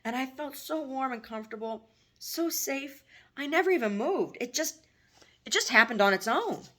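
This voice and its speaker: A woman's voice: high-pitched, animated, normal speed, a bit bright, voice pushed up. A woman voicing a grown son, an anxious and lovesick young man, in an earnest, pleading way.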